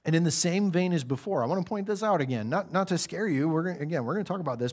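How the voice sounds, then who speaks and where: A man preaching a sermon in a church, conversational, acting out little voices and dropping quiet for serious points. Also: on the high side, expressive, fast, few pauses, breathy edge.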